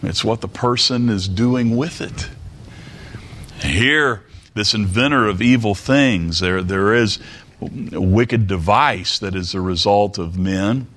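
A middle-aged male preacher with a fairly low voice delivers a sermon. He talks in a measured, deliberate way and often repeats a word or phrase to press a point home. He leans on rhetorical questions to draw the listeners in. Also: a bit bright. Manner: deliberate, repeats words for emphasis.

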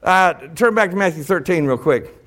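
A middle-aged man preaching a sermon, folksy and animated, breaking into shouted bursts. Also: sits high, normal speed.

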